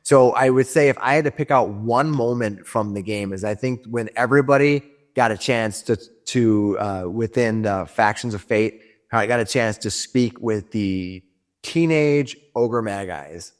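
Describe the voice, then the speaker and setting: A man's voice: fairly low pitch, measured pace. Rambling male game master. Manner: rambling, many restarts. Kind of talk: narrating a tabletop game and reminiscing.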